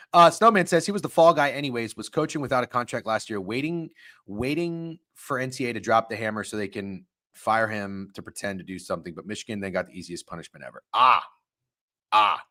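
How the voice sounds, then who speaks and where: A man's voice: expressive, fairly quick, pushed and bright. A man hosting a live sports stream, ranting with heavy profanity and sudden heated outbursts while reading chat. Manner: profane, heated ranting with big pitch swings. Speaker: sports betting stream host.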